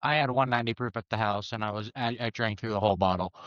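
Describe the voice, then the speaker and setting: A man's voice: fairly low pitch, fast, a bit bright, no room sound. Eager man player, lo-fi sound. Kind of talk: casual chat at a game table.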